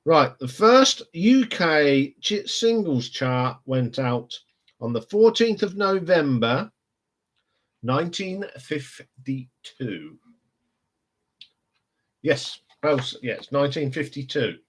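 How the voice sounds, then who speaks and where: A man's voice: on the high side, very animated, slow pace. Chatty Northampton man rambling on stream. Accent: Northampton English. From England. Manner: chatty, rambling, laughs often. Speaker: live stream host. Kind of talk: casual live chat.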